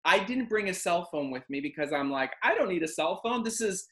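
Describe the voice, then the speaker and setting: A man hosting a casual chat, telling a long travel story with lively acted-out quotes. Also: high-pitched, fairly quick. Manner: animated, acts out quotes and voices. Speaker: host.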